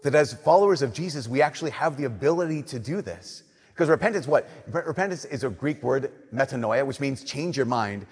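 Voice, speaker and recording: A young man preaching a sermon as a Catholic priest, talking conversationally, sometimes playful and sometimes dropping to a hushed, earnest tone. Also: mid-range voice, lively intonation, brisk, breathy edge. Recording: long reverb of a large church.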